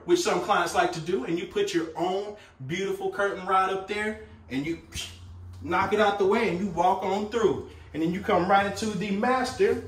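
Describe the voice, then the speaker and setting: Speaking in a high voice, a tiny home company host gives a casual sales walkthrough of a small furnished tiny home, calling viewers "guys" with upbeat salesy patter. The mic is distant and the room echoes.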